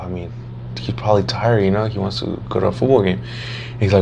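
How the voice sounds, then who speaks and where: A young man in casual chat, rambling and animated, swearing freely and acting out his friends' lines. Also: fairly low pitch, quick pace, creaky, slight background noise. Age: young adult.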